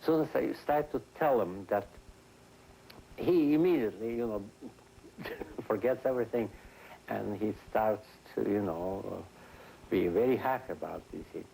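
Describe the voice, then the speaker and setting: A man's voice: on the low side, unhurried, gravelly, pauses often, warm tone, rough recording. Guy telling a story in an interview, rambly, lots of uh and you know, faint noise. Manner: rambling, full of fillers and restarts. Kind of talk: interview anecdote.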